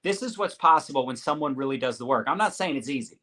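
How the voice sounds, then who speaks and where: A man's voice: mid-range voice, animated, quick pace, bright, forceful tone. A man hosting a live-streamed interview over a video call, talking in an upbeat, hyped-up motivational way. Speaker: host.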